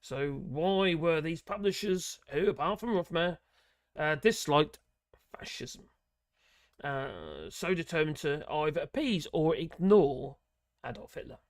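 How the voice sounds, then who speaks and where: A man with a somewhat high voice reads an article aloud, stumbling over words and filling gaps with many ums. He breaks off for sarcastic asides as a political channel host. The sound is dry and close. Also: lively intonation, dry recording. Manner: halting reading, many fillers, sarcastic asides. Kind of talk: reading an article aloud with commentary.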